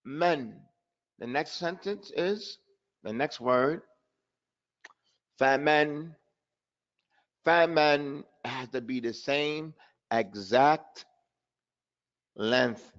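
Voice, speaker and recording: Slow-paced and mid-range, with a fairly bright tone, a man leads a live online recitation lesson. He drills sounds repeatedly for pronunciation and blends Arabic terms into his explanations, heard through dull lo-fi class audio.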